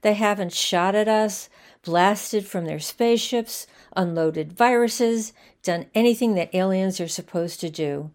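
A woman's voice: medium pitch, unhurried, darkish tone, natural voice. A woman voicing an earnest, defensive young woman in a storybook reading.

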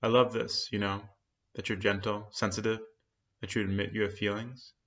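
A man reading the lines of a tender young woman who pleads softly with her lover, in a soft, earnest, often hushed manner. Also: on the low side, little pitch movement, moderate pace. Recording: dull lo-fi sound.

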